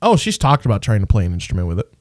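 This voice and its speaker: A man co-hosting a podcast, telling stories in an animated way and swearing freely. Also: lowish voice, racing, dry recording, studio quality. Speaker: podcast co-host. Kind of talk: casual podcast chat.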